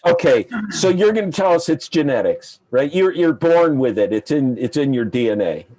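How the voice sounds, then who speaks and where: A man's voice: fairly high pitch, lively intonation, normal speed, warm tone. A man hosting an interview, asking his questions in a playful, teasing way. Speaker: interview host. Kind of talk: casual interview.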